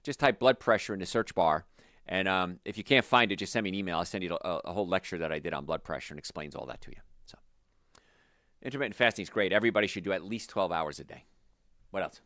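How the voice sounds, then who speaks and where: A man's voice: deep voice, fast talker, dry recording, studio quality. A man working as a holistic health practitioner, answering viewer questions in a casual, chatty way and drifting into anecdotes. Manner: animated, chatty, drifts into stories.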